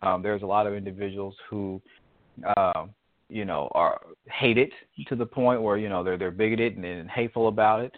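A man's voice: fairly low pitch, moderate pace, no echo. Guy rambling casually about a movie, phone-quality sound, super dry. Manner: relaxed, rambling storyteller. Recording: dry tinny phone line.

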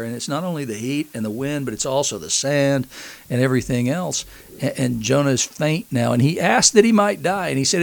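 Gravelly-voiced man preaching a sermon. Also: mid-range voice, dry recording. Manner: conversational, earnest, acts out quotes.

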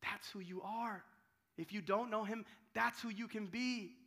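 Bright-voiced preaching pastor, man. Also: high-pitched, steady tone, unhurried. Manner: dramatic, swings from loud cries to hushed tones; restarts and repeats words while telling the story. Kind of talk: sermon.

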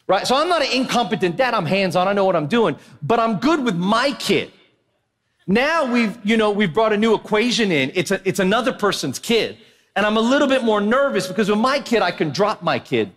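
Animated preacher in a reverberant church. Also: male voice, sits high, brisk. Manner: animated, jokey, asks the crowd "right?". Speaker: pastor. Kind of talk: sermon with comic storytelling. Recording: long hall reverb of a church.

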